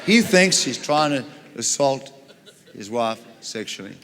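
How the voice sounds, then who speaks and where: A man preaching a storytelling sermon, retelling a Bible story in an animated way with frequent chuckles. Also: medium pitch, measured pace, long reverb tail.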